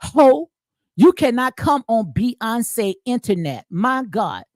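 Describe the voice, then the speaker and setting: This middle-aged commentary host speaks slowly in a fairly high, sing-song voice with a darkish tone, reading and reacting in a casual, emphatic, colloquial manner. Preacher-like, she repeats phrases and tags lines with "okay?", and the studio-quality recording has no room sound.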